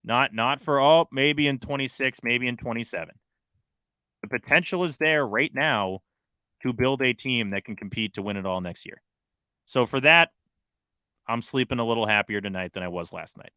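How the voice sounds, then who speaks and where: A young man co-hosting a casual sports podcast, excitable and swinging between loud bursts and quieter asides. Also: medium pitch, normal speed, smooth, no room sound, studio quality. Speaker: podcast co-host.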